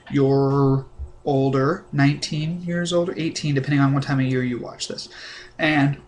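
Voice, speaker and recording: Young male vlogger, deadpan mock-sincere delivery, a touch high-pitched, faint background noise. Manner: deadpan, rambling with many ums. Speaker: comedic vlogger.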